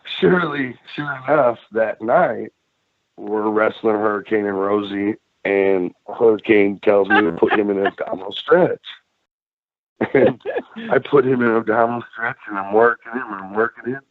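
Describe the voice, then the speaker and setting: A podcast guest and ex-wrestler shares tales from the road in a fairly low voice at a moderate pace. His storytelling is animated and profane, with quotes acted out, and the interview sounds dry and narrow, like a phone line, with no echo.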